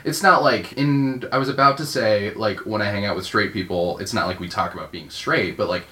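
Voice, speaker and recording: A man with a fairly low voice chats casually with friends. He thinks aloud, weighing each point as he goes. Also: brisk, bright, forceful tone, roomy sound. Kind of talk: casual chat.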